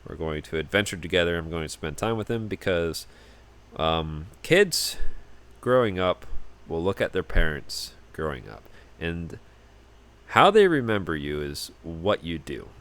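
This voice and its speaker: A man's voice: deep voice, sing-song, unhurried, fairly bright tone. A young man hosting a casual solo podcast, rambling and often repeating words as he starts sentences. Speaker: podcast host.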